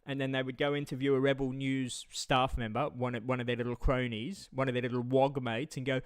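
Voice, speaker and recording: A man's voice: mid-range voice, level tone, fairly quick, few pauses, clean tone, dry recording, clean studio sound. A man ranting heatedly on a livestream, swearing and stammering through repetitions. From Australia. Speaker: live streamer. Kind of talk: angry livestream rant.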